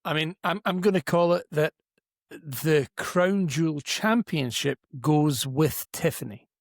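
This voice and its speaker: A man's voice: on the high side, a little slow, dry recording, studio quality. A man co-hosting a podcast in casual chat, stammering through restarts as he gives his opinions. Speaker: podcast co-host.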